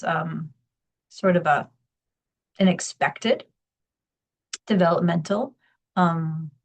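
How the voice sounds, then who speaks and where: Woman lecturing, checking in with "okay?". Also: fairly low pitch. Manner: explanatory, with frequent "okay?" and "right?" checks. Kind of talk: recorded lecture over slides. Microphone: screen recording on a computer mic.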